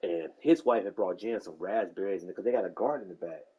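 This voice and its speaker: A man in his forties in casual chat, telling profane stories in a lively way and acting out the people in them. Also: deep voice, quick pace, breathy edge, lo-fi sound. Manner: animated storyteller, profane, acts out quoted people.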